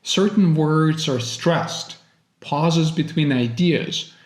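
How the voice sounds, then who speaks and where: A Russian-born man speaks English with an American accent, a little higher-pitched than most men. He talks slowly and deliberately, like an encouraging teacher. His voice carries a roomy echo. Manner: earnest, encouraging, deliberate phrasing. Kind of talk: motivational teaching monologue.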